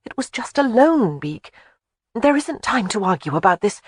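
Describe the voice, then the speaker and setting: A narrator voicing a headstrong young woman in an audiobook, quick to argue and proud. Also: a little high, very animated, slightly rough, no echo, voice pushed up. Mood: worried. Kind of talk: audiobook character voice.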